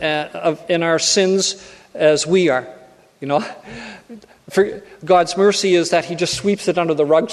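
A man preaching in an earnest way, pressing his point by repeating key phrases. His voice sits fairly high for a man. The sound rings with the long reverb of a church hall. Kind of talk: sermon.

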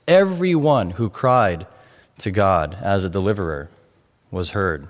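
A man preaching a sermon on a psalm, measured at first and building to fervent emphasis. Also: fairly low pitch, expressive. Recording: long hall reverb.

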